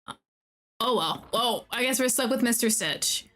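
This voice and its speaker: A young woman streaming a game, talking to the characters, excitable and often laughing or swearing. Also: a little high, normal speed. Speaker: VTuber streamer. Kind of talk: casual gameplay commentary.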